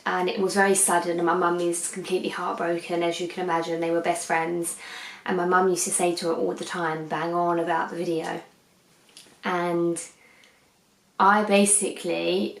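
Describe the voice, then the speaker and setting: A young woman in her twenties chatting casually in a beauty vlog, rambling and often drifting off topic as she sits on her sofa at night. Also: fairly low pitch. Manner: rambling, keeps digressing. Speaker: beauty vlogger. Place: living room, on a sofa, at night under a harsh light. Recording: echoey indoor room.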